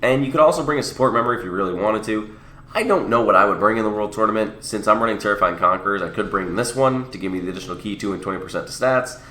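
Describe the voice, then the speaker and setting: A young man with a cold, sniffly and a little under the weather, hosts a gaming channel and casually walks viewers through a mobile game. His lowish, fairly bright voice echoes in the room as he explains things and corrects himself along the way.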